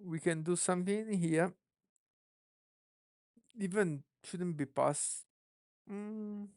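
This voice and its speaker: An app developer thinking aloud during a live coding stream, musing and questioning themselves in an unhurried way. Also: medium pitch, darkish tone, no room sound, studio quality.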